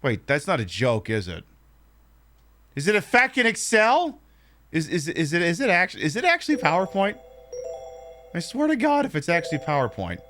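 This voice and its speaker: Male streamer, bright high voice, profane jokey banter over faint music. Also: wildly swooping pitch, normal speed, pauses often. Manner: profane, joking, rambling asides. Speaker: game streamer. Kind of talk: casual game commentary.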